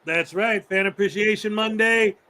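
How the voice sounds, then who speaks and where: A man with a fairly high voice hosts a loose, casual chat. He rambles through stories, laughs often and slips into acting out the people he talks about. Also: normal speed, sharp tone, slight background noise, poor audio. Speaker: host.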